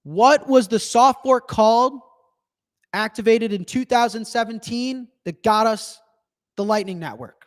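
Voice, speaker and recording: A young man hosting a live show, talking in a casual, animated and profane way. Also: very high-pitched, measured pace. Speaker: livestream host.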